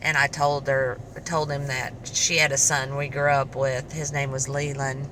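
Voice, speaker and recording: Low-voiced, crisp chatty woman. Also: a little slow, a little hiss or hum, poor audio. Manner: chatty, animated retelling with quoted dialogue. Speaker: vlogger. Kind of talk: casual storytelling.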